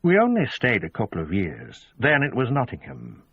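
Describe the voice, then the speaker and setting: Wary female detective, male narrator doing her, dry and clipped; husky, lo-fi sound. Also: lowish voice, wildly swooping pitch, normal speed, no echo, full character voice. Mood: guarded. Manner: guarded, dry replies. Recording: dull lo-fi audio.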